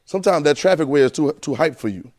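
A man preaching, telling a personal story in his sermon. His voice swings from low and quiet to loud and excited as he draws the congregation in. Casual, conversational phrasing, full of fillers and repeats. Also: fast. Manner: animated storyteller, rising to excited near-shouting.

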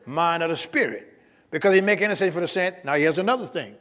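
A man's voice: a little high, animated, quick pace, a bit bright, long reverb tail. A male pastor preaching a sermon with emphatic call-and-response to his congregation, in a church sanctuary.

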